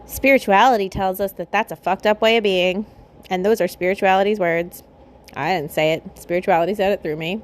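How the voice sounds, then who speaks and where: A woman's voice: medium pitch, steady tone, fairly quick. Woman, spiritual podcast host, mid-range voice, fired-up monologue with pointed rhetorical questions, blunt and a bit profane.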